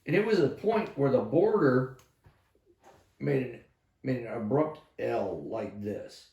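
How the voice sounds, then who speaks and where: An army veteran in his fifties tells war stories slowly in a mid-range voice with lively intonation. He rambles casually, swears heavily, and loudly acts out what people said. The room gives the recording a noticeable echo.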